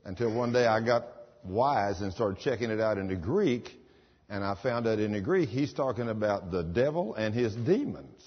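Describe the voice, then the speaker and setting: A man's voice: lowish voice, lively intonation, moderate pace. A man preaching a sermon, emphatic, rising into commanding bursts. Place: church. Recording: dull sound with long hall reverb.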